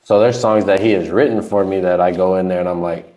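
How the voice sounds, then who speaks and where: A male podcast host with a somewhat low voice talks in a loose, casual way. He rambles through anecdotes peppered with swearing. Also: fairly even intonation, fast, mellow. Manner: loose, profane storytelling.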